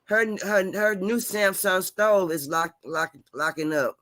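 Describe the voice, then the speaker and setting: A man's voice: high-pitched, unhurried, a crowd in the background. A man hosting a casual chat show, laid-back and talking straight to his viewers. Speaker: host.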